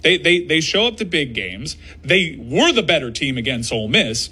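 A man's voice: a little high, very animated, moderate pace, pushed and bright, husky. A male sports talk co-host making an insistent, detailed case about a football team.

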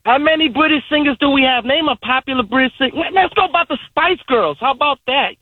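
High bright dude rambling w slang in a group chat, kinda dull lo-fi sound. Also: male voice, fast, no echo. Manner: rambling, repeats words, slangy.

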